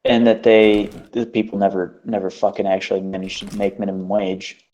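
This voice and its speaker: A man's voice: fairly low pitch, flat delivery, brisk, warm tone. A man hosting a casual chat, telling an exasperated, profane story. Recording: dull lo-fi recording.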